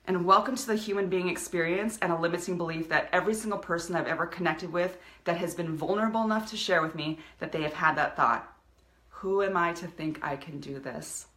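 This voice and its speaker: A woman with a lowish, fairly bright voice gives a passionate, energized motivational talk as a business coach on a live video stream. The audio has a roomy sound.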